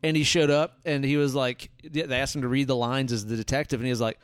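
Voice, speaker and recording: A man's voice: medium pitch, quick pace, hardly any pauses, clear, resonant tone, no echo. A man co-hosting a casual movie review chat, joking and cursing freely as he riffs. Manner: profane, joking, riffs with silly voices. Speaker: podcast co-host.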